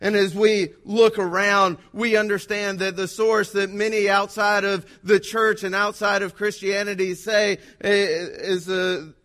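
A man with a high voice delivers a sermon. He preaches with energy and drama, acting out quoted speech as he goes. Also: little pitch movement, measured pace, hardly any pauses, a bit bright. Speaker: pastor.

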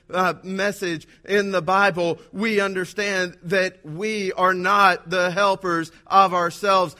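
A man's voice: sits high, pushed and bright. A man preaching a sermon, acting out dramatic quotes along the way. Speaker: pastor.

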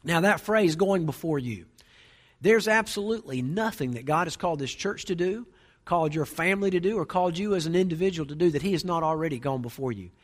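A man's voice: on the high side, lively intonation, brisk. A middle-aged man preaching a sermon, conversational, with storytelling asides. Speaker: pastor.

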